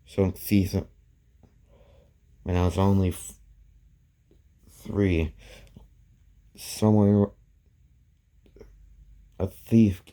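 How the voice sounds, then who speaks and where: A man retells a fan story in a slow, unhurried way, stopping and restarting as he goes. His voice sits low and sounds very dark and mellow. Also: little pitch movement. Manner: halting, many restarts and "goes like".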